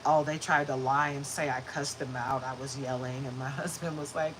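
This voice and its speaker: A woman's voice: a bass voice, steady tone, normal speed, hardly any pauses, noisy background. A woman hosting a spiritual reading livestream, talking casually and upbeat with frequent laughter and greeting viewers by name. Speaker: spiritual reader and livestream host.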